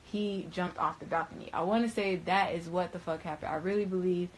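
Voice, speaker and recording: A woman's voice: fairly low pitch, fairly even intonation, a little fast, a little hiss or hum. A young adult woman casually recounting a story in slangy, profane, rambling speech full of fillers.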